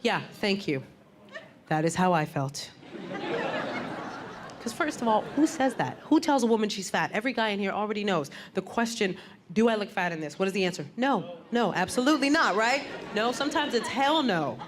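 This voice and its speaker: A woman comedian doing a stand-up set, brash and animated, landing blunt punchlines. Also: medium pitch, moderate pace, a crowd in the background. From Puerto Rican heritage. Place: comedy stage before a crowd. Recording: live club with loud audience laughter and noise.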